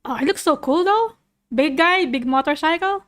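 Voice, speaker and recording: A woman's voice: high voice, expressive, moderate pace, a crowd in the background. A woman streaming as a vtuber, reacting to a video in a playful, goofy, casual chat.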